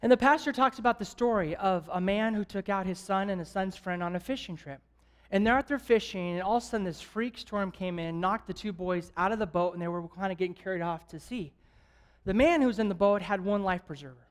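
Guy evangelist preaching at church, animated storyteller, keeps joking and chuckling. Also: sits high. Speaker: guest evangelist. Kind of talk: lively sermon with stories. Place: church service.

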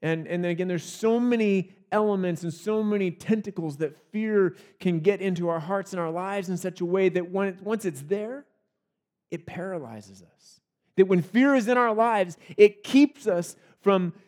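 A man preaching a sermon as pastor, in a relaxed conversational way with frequent restarts and small laughs. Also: high-pitched.

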